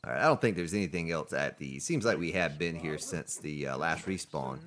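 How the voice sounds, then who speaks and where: A man's voice: rumbling low, expressive, brisk, few pauses, fairly bright tone. A man chatting to viewers while he streams a survival game, joking and commenting as he plays. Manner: chatty, jokey, talks to viewers. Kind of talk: live gameplay commentary.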